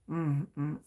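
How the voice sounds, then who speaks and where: A woman hosting a casual pop-music commentary show, talking in a gushing, excitable way with frequent restarts. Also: sits low. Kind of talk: casual chat.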